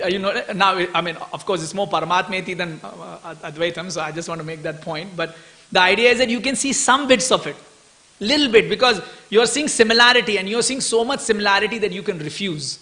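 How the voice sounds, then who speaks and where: A man giving an animated scripture class at a temple, often chuckling and asking his listeners "right?". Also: high voice, a little fast.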